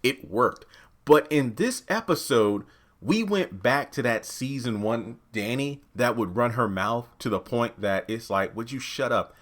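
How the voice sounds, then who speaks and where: A man's voice: lively intonation, a little slow. A man giving a casual review of a TV episode, exasperated, ranting and swearing freely. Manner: jumps into quoted lines with raised pitch. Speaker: TV show reviewer.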